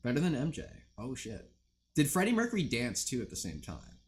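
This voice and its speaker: A man's voice: mid-range voice, wildly swooping pitch, brisk, slight background noise. A young man hosting a livestream, chatting casually with viewers in a rambling, profane way full of fillers. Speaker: livestream host. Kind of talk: casual chat with stream viewers.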